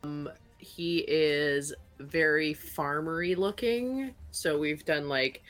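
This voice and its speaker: Low, slow-talking woman player. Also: faint music behind. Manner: relaxed, halting, with many fillers. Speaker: tabletop player. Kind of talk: casual chat.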